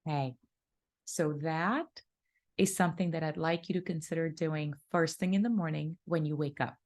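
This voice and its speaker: A woman's voice: deep voice, steady tone, normal speed, darkish tone. A woman leading a guided breathing exercise, giving instructions and counting breaths aloud.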